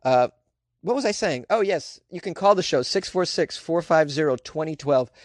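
A man hosting a solo podcast from a small closet, rambling and self-mocking, overly caffeinated, with sudden jumps in pitch. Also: animated, moderate pace, no room sound, clean studio sound. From Boston area. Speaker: podcast host.

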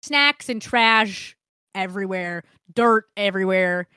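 A young woman co-hosting a podcast, telling a story in casual chat, animated, laughing often and swearing freely. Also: mid-range voice, slow, clean tone, no room sound, studio quality. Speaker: podcast co-host.

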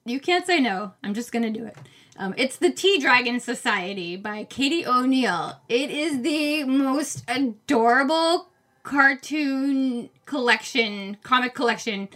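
Woman, faint maine accent, bright tone, slightly high voice, giggly chatty book podcast host. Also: a little slow. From Maine, USA. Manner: giggly, excitable, rambling. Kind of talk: casual book podcast chat.

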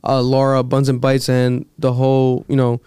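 A man hosting a podcast, chatting casually in a loose, animated way with lots of fillers and quick asides. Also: medium pitch, smooth, no echo, studio quality. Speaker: podcast host. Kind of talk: casual chat.

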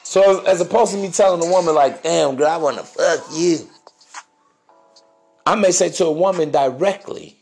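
A man with a slightly high voice holds forth on dating, swaggering and preachy, dropping crude words with total confidence. Faint music runs behind him. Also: normal speed, gravelly, a little mellow, slightly rough. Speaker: podcast host. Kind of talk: dating advice monologue.

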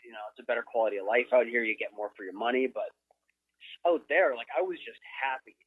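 A man's voice: medium pitch, expressive, fast talker, breathy edge, no room sound, phone-quality sound. A man from Minnesota, a guest filmmaker in a casual podcast chat, telling a story with lots of "like" fillers.

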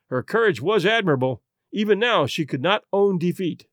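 Expressive male storyteller. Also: a little high, moderate pace, hardly any pauses, no echo, clean studio sound. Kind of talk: scripted audiobook narration.

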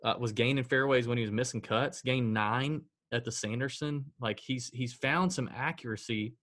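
A man's voice: medium pitch, moderate pace, fairly bright tone. A man co-hosting a casual podcast, reeling off stats with sighs and dry self-mockery. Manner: stat-heavy, sighing, self-deprecating. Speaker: podcast co-host. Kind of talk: casual sports betting chat.

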